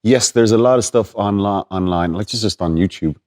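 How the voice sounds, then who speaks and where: An Irish actor in casual conversation, soft-spoken and halting, restarting phrases. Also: male voice, on the low side. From Ireland.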